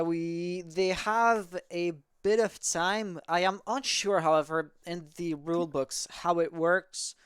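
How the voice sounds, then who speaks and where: A man's voice: on the high side, clear, resonant tone, no room sound, studio quality. A man casting an amateur esports match in a casual, rambling way, often correcting himself mid-sentence. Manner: rambling, self-correcting, chatty. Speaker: esports caster. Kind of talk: casual game commentary.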